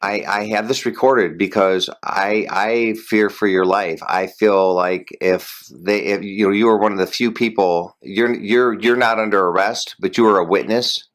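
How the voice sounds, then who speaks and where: A man's voice: on the low side, steady tone, moderate pace, few pauses. A man interviewing an eyewitness over the phone, asking careful questions in a hesitant way, with many fillers.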